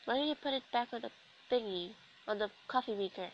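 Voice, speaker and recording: A woman's voice: on the high side, quick pace, highs cut off. A young woman with a sore throat from being sick, chatting casually and sarcastically as she commentates a video game. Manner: chatty, self-deprecating, sarcastic asides. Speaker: gaming commentator. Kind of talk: casual let's-play commentary.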